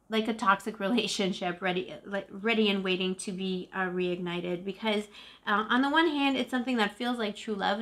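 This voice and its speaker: A woman's voice: mid-range voice, fairly bright tone. A woman in her forties doing a casual tarot reading to camera, chatty and emotive, often calling the viewer "boo-boo". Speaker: tarot reader.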